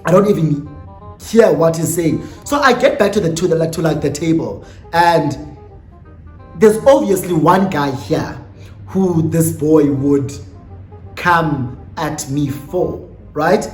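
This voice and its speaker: High, lively South African young man. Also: slow. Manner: animated, dramatic, sassy storytelling with swearing. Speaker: vlogger. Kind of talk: storytime vlog. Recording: roomy echo with faint music.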